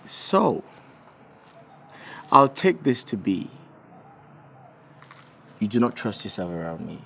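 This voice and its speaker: A smug, dismissive rich groom in a film drama with a Nigerian accent. His voice sits somewhat low and he taunts with ease. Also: sing-song, slow pace, creaky, fairly bright tone, slight background noise, full character voice. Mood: taunting.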